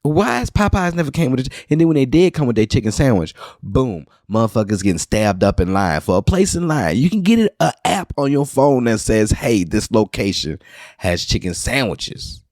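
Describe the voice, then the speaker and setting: A man's voice: medium pitch, lively intonation, fairly quick, hardly any pauses, darkish tone, dry recording, studio quality. A man from New Orleans hosting a podcast, rambling through a casual solo monologue with wry, profane asides. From New Orleans, Louisiana. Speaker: podcast host.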